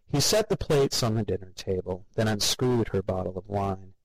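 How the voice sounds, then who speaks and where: Low-voiced man telling a story. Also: moderate pace, no echo, poor audio. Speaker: narrator. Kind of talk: storytelling narration.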